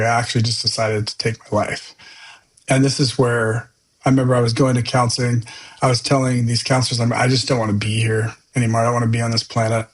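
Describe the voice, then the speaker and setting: A man's voice: medium pitch, rough recording. Earnest man telling his life story. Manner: earnest and candid, loose conversational phrasing. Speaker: podcast guest. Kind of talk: personal testimony storytelling.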